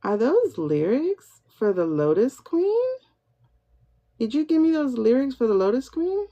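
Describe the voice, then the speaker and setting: A woman hosting a livestream pendulum reading, excitable, repeating herself as she questions her spirit guide and talks to viewers. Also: high voice, a little slow. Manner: excitable, keeps repeating "hold on" while asking questions. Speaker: tarot reader host. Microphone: phone or computer mic for livestream. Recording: dull lo-fi livestream audio.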